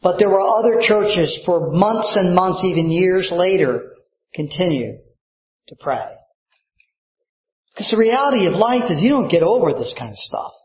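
A man preaches a sermon to his congregation in a high, impassioned voice. He shifts from quiet, low passages to sudden loud peaks. The sound is roomy and slightly muffled. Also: lively intonation, unhurried. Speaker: pastor.

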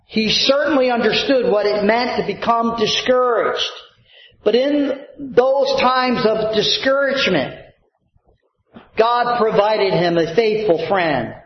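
A man's voice: high-pitched, slow pace, roomy sound, muffled recording. A man preaching a sermon as a pastor, stretching out key words and calling for amens. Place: church sanctuary.

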